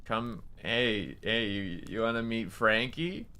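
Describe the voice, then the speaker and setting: A man putting on a gruff creepy drifter. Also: animated, pushed and bright, heavily acted. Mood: creepy coaxing. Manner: slow, low, coaxing drawl. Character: gruff, drugged-up grown man, menacing and creepy.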